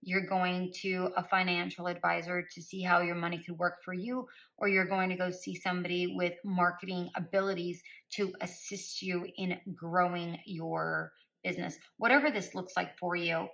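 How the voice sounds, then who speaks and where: A woman's voice: on the low side, flat delivery, normal speed, gravelly, hardly any pauses, fairly bright tone, low-quality recording. A woman giving a spoken tarot reading. She speaks directly to listeners by star sign and repeats phrases for emphasis in a coaching tone. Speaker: tarot reader.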